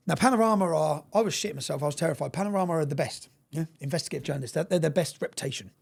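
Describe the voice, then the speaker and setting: This interview guest has a fairly high voice with vocal fry, talking very fast with few pauses. Telling his story, he's emphatic and profane, often checking in with "yeah?"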